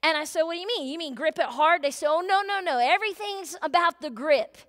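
A middle-aged woman pastor telling a story in a sermon, chatty and animated, acting out her family's voices. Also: very high voice, brisk. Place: church sanctuary. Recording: long hall reverb.

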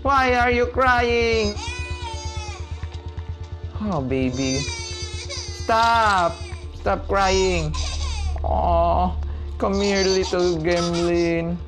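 Goofy let's-play commentator, drawn-out delivery, sudden shrieks, faint music underneath. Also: mid-range voice. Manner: excitable, shrieking exclamations and goofy teasing. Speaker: gaming video creator. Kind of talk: playthrough commentary.

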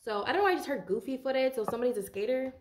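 A woman's voice: high voice, lively intonation, very fast, roomy sound, background noise. A tired woman doing a casual tarot reading for viewers, chatty and rambling and swearing freely. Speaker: tarot card reader.

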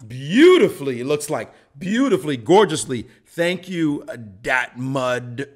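A man's voice: medium pitch, animated, measured pace, few pauses, soft background music. A middle-aged man giving a playful, joking chess lesson, acting out the players' reactions as he goes. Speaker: chess commentator.

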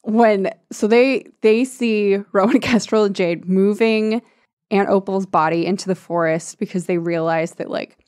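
A woman's voice: mid-range voice, unhurried, a little mellow. A woman co-hosting a podcast in casual chat, sarcastic, laughing often and swearing freely. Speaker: podcast co-host.

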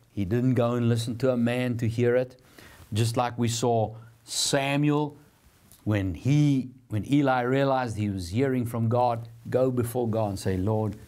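A man's voice: medium pitch, steady tone, measured pace, darkish tone. A man hosting a televised Bible teaching program, preaching in an earnest, encouraging, conversational way.

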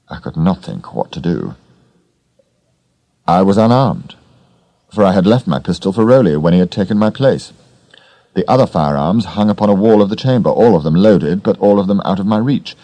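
A man narrating a story with a very deep, gravelly voice. His tone is dark and mellow, and the delivery is measured and steady. The recording is dry and close. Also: no room sound. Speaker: audiobook narrator. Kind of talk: scripted narration.

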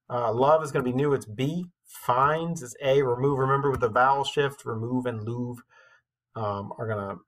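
A man's voice: medium pitch, fairly bright tone. A man teaching a class on a poem, explaining in a casual way with many fillers and reading the verse aloud.

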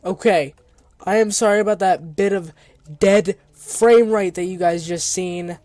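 A man doing let's play commentary, excitable and often yelling at the game. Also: high-pitched, a little slow, no echo, faint music behind. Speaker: gaming video creator.

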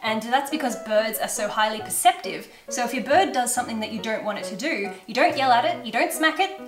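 Chatting through a relaxed at-home Q&A, this YouTuber and parrot owner talks with earnest emphasis in a slightly high, expressive voice that moves a little fast. Background music sits under a roomy echo.

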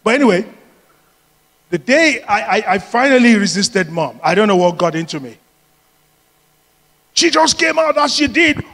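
A male pastor preaches with a notably high voice, mixing scripture with lively personal stories and frequent laughter. His words ring out with the long reverb of a large church hall. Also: moderate pace, long pauses. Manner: lively, laughs often while telling stories. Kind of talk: sermon with personal storytelling.

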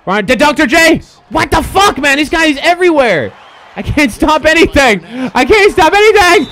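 Young guy streaming a basketball game, high voice, super animated, yelling and cursing at the players. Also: normal speed. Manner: excitable, swearing, shouting at players. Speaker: gaming streamer. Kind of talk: casual game commentary.

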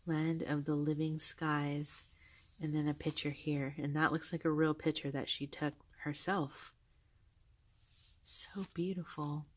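Woman vlogger, low voice, gushing casual chat, soft-spoken. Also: flat delivery, measured pace. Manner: gushing, soft-spoken, with frequent fillers and laughs. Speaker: vlogger showing a journal. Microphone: handheld camera held close.

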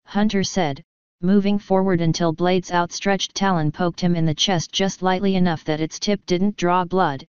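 A woman reads a fan story aloud in a steady storybook manner. Her voice is low and strikingly smooth. The recording is dry and slightly dull. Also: unhurried, no room sound. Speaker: fanfiction reader. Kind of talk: storybook narration.

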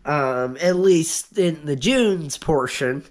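A young man vlogging casually while sick, talking slowly and haltingly with fillers. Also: a little high, animated. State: sick, coughing. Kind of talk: casual vlog chat.

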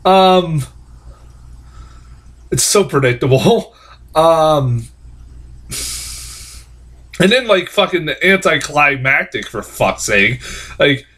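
A man's voice: fairly high pitch, animated, slow pace, long pauses, a bit bright, husky. Profane rambling man ranting about a film. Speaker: film reviewer. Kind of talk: casual rant review.

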